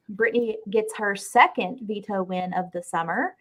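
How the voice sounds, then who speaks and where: A woman's voice: mid-range voice, normal speed. Chatty Southern woman co-host. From Southern United States. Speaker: podcast co-host. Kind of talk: casual fan recap chat.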